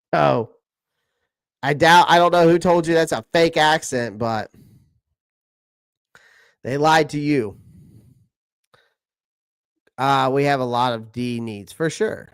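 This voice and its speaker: A chatty man answers viewer comments on a casual live stream. He keeps circling back and repeating his points. His voice is smooth and clear in a dry, close room. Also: fairly high pitch, slow pace, pauses often, no room sound. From South Carolina. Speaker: channel host answering live chat.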